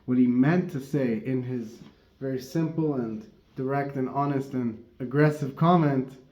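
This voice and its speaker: A man's voice: medium pitch, unhurried, dark tone. A man giving a casual Torah teaching, who rambles, corrects himself and laughs often. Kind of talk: casual religious teaching talk. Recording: dull, roomy recording.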